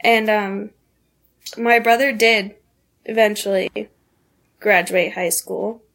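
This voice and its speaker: A woman in her twenties from the southeastern United States, a podcast guest sharing a candid personal story, earnest and halting, with many pauses and fillers. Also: medium pitch, fairly even intonation, a bit bright.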